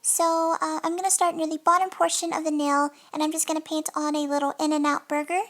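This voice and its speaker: A woman's voice: sits high, flat delivery, fairly quick, fairly bright tone. A young woman in a casual, chatty voice-over, narrating her nail art at home and often apologizing between fillers. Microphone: desk mic.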